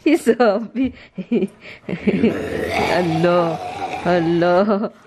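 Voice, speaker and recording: A woman's voice: on the low side, drawn-out words, very noisy. A woman from the Philippines filming a casual home vlog, laughing often and switching between Tagalog and English. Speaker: vlogger. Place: home, indoors.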